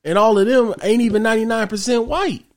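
Young man, slightly high voice, rambling slangy banter with friends. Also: fast talker. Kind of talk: casual group chat.

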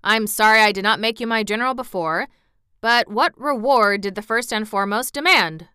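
A woman voicing a suspicious, anxious male gnome king in a storybook reading, with loud emphatic exclamations. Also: on the high side, normal speed, smooth, dry recording, clean studio sound.

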